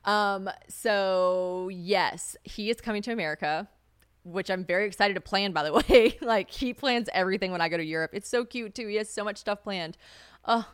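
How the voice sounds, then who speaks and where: A woman's voice: medium pitch, normal speed, clean tone, no echo, studio quality. A young woman from South Carolina hosting a podcast solo, chatting casually in a sassy way, swearing freely and laughing often. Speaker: podcast host.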